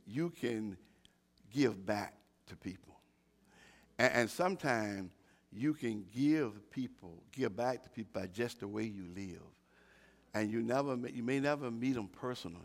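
An older man preaching a sermon, moving from quiet, halting talk with repeated words to shouted, fired-up preaching. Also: lowish voice, gravelly.

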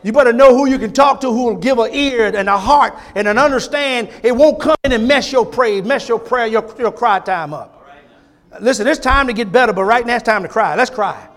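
This male pastor has a very high-pitched voice and speaks fairly quickly. His fervent sermon swings from loud, emphatic repetition to hushed, intimate moments, with folksy asides to the congregation.

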